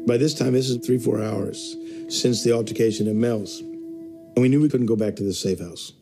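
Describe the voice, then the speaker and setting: A man's voice: medium pitch, moderate pace, creaky, over music. A man telling a tense story in a documentary interview, quoting what people said. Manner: animated retelling with quoted voices. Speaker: interviewee recounting events.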